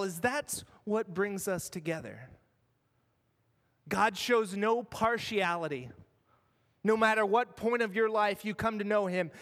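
A man preaching a sermon as pastor, earnest, moving between raised passages and hushed ones. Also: high voice, in a large hall. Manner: earnest, dramatic shifts between loud and hushed. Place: church.

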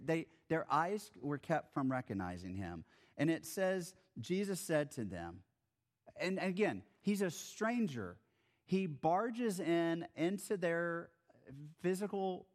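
Animated, lively-voiced male preacher. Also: on the high side, slow. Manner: conversational, animated storytelling. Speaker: pastor. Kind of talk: sermon.

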